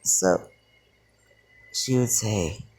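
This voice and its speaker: A man's voice: fairly low pitch, very slow, a little mellow, breathy edge. A young man casually telling a fan story, rambling with fillers and slang.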